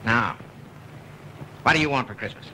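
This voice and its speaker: A man's voice: mid-range voice, moderate pace, sharp tone, rough recording. A wry, indulgent rich father. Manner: sardonic, wry. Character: dry-witted wealthy father, indulgent. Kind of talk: 1930s film acting. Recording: old film soundtrack with faint hiss.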